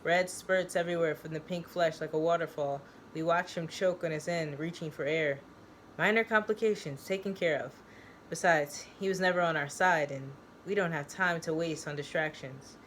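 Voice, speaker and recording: A woman who hosts an online channel reads a chapter of her own story aloud, then recaps it in a chatty, excitable way. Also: deep voice, moderate pace, a little hiss or hum. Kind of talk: story reading and casual recap.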